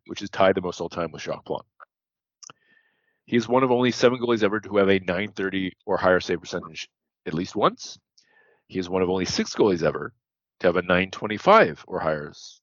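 Deep-voiced man rattling off stats. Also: no room sound, muffled recording. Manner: reels off statistics, corrects himself mid-sentence. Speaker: podcast co-host. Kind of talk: casual stats-heavy podcast chat.

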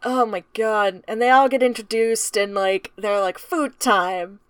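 Woman on a book podcast, kinda high voice, dry close mic, swears a lot and does little character voices. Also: fairly even intonation, clean tone, no room sound. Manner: swears freely, retells scenes in quick quoted voices. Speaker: podcast co-host. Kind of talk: casual book-club chat.

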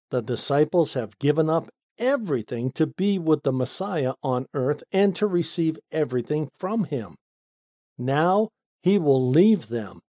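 A man reads a scripture commentary aloud in an unhurried, deliberate way. His voice is soft and mellow, recorded dry and close with no room sound. He stresses key words one at a time, pushing his pitch up on each. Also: dry recording. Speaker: Bible teacher. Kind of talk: read-aloud Bible study commentary.

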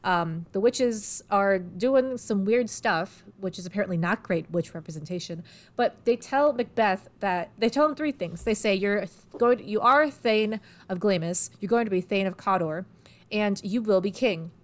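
A young woman hosts a casual podcast, talking at a medium pitch. She retells a story loosely and irreverently, giggling often and tossing in quick character voices along the way.

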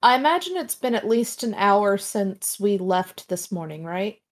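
A woman playing a tabletop role-playing game, quick and joking as she talks rules with the game master. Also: mid-range voice, sing-song, a crowd in the background. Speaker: player.

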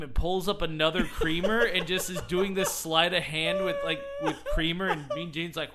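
A man's voice: fairly high pitch, normal speed, few pauses, a crowd in the background. A man on a podcast telling a wrestling story in casual chat, rambling and laughing often. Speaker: podcast host.

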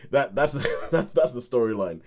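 A man's voice: mid-range voice, animated, normal speed, darkish tone. A man hosting a film review podcast, chatting casually, laughing often and acting out his own reactions. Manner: chatty, laughing, acts out reactions and hums tunes.

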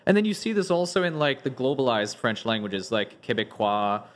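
A man of ordinary pitch hosts a relaxed podcast conversation among friends. He explains things in long, meandering runs. He keeps restarting his sentences and leaning on filler words. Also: moderate pace. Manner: rambling, many restarts and "like" fillers. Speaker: podcast host. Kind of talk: casual group discussion.

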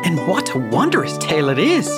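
A man's voice: fairly high pitch, huge pitch swings, moderate pace, loud music behind the voice. A man doing an awestruck, gullible friend. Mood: awed. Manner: wide-eyed, wondering questions. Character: credulous, easily awed male friend.

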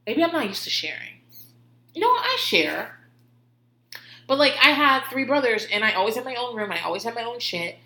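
A woman's voice: a little high, big pitch swings, brisk, long pauses, sharp tone. A woman telling rambling, profane stories in a casual way, laughing often. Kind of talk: casual storytelling. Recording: roomy echo.

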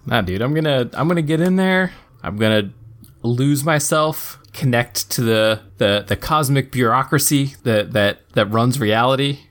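A man's voice: mid-range voice, normal speed, a bit bright. A man co-hosting a podcast, playful and enthusiastic, laughing often in casual banter. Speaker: podcast co-host.

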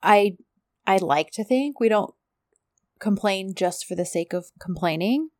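A woman's voice: medium pitch, expressive, measured pace, no room sound, studio quality. A woman co-hosting a podcast in casual chat, talking easily with many fillers. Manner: chatty, lots of fillers and "like". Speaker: podcast co-host.

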